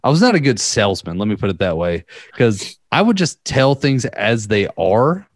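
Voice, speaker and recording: A man's voice: lowish voice, very animated, moderate pace, no echo. A young man chatting casually, rambling through a story, often laughing and acting out the quotes. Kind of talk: casual podcast chat.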